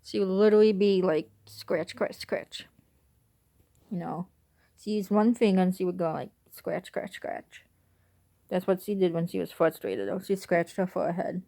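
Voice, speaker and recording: A woman's voice: on the low side, brisk, gravelly, mellow. Young woman telling a rambling story. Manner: rambling, conversational, wistful at times. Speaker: vlogger. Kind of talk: casual storytelling.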